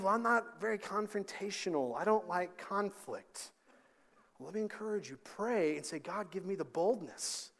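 A man preaching a sermon as pastor, driving points home with repeated rhetorical questions. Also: high voice. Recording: long hall reverb.

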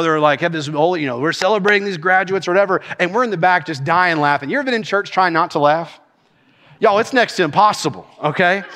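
A man's voice: high voice, big-room sound. A middle-aged man, a senior pastor preaching a sermon and laughing as he tells stories. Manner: animated storytelling preacher, laughs while telling stories.

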